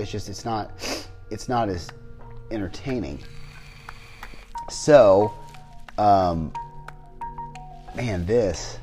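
A man with a low-pitched voice talks through a podcast in loose, casual chat. He rambles, restarts sentences and leans on fillers. Faint music sits under the talk. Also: extremely slow, pauses often, mellow. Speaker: podcast co-host.

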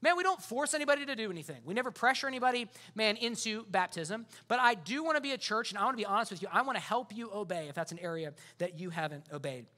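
A man's voice: high voice, expressive, fast, few pauses, bright, forceful tone. A man preaching a sermon as pastor, in a casual, conversational way full of fillers.

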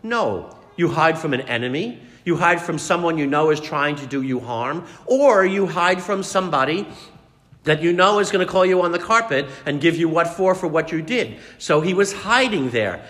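A preacher with a fairly high, lively voice that rises and falls as he tells the story and quizzes his listeners. His words ring with a long reverb through the church. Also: normal speed. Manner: dramatic storytelling, asks the congregation questions. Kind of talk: sermon.

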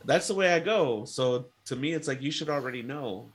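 A man's voice: mid-range voice, animated, a little fast, slightly rough. A man co-hosting a casual chat podcast, rambling with many fillers and frequent laughter. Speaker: podcast co-host.

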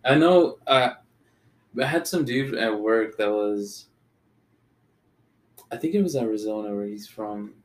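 A man's voice: lowish voice, lively intonation, a little slow, long pauses. A young man from Texas in casual chat as a podcast co-host, laid-back and swearing freely. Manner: laid-back, swears a lot, says "dude".

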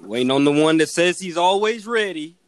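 Man, podcast host, casual chat, jokey, laughs often, swears, a bit high. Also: expressive, a little fast. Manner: joking, laughing, cussing, repeats himself.

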